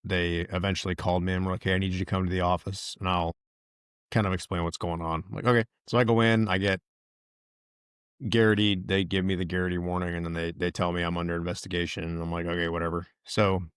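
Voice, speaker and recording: A man with a low voice tells his story casually and animatedly, and his voice rises when he acts out what others said. The recording is dry and close, with no room echo. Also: quick pace, smooth. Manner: animated retelling, quotes others in raised voice. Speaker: podcast host, veteran.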